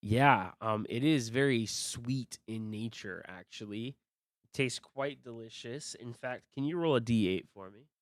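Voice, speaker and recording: A game master running a tabletop game, narrating and explaining in a relaxed, loose way. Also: medium pitch, a little slow, no echo.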